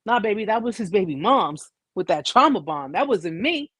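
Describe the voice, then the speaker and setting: A woman's voice: mid-range voice, sing-song, normal speed, a bit bright, breathy edge, dry recording. An American woman hosting a live chat, telling her story in a casual, blunt way with slang and frequent restarts. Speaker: host.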